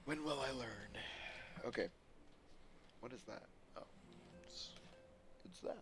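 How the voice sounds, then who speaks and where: A man's voice: mid-range voice, slow, a bit bright, slight background noise. A man streaming a game, chatting casually with self-deprecating asides into a desk mic. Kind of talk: casual gameplay commentary. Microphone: desk microphone. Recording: stream audio with game music. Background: game music clearly heard.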